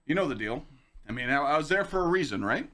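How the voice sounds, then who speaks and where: A young man hosting a casual podcast stream, telling stories to chat in a lively, swearing, animated way. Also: on the high side, fast. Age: young adult. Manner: animated, swearing, acts out quoted lines in a raised voice. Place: home streaming room with dog on lap.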